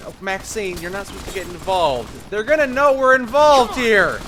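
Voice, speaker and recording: Sarcastic guy narrating his game run, high lively voice, bright. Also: moderate pace, hardly any pauses, a little hiss or hum. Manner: sarcastic, joking, role-playing his character aloud. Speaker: gaming video host. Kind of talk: gameplay commentary.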